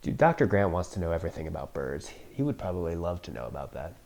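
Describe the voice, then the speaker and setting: A man riffing through a film he has never seen, with a mellow, low-toned voice that swings up and down a lot. He jokes, swears freely and laughs often. It is casual reaction commentary with dry sarcasm. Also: big pitch swings, fast, vocal fry. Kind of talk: casual first-time movie reaction commentary.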